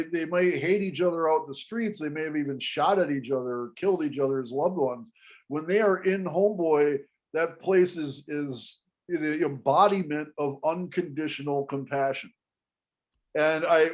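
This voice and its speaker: A man telling a story to an interviewer in casual panel talk, animated and often restarting his sentences. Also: on the high side. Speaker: guest storyteller.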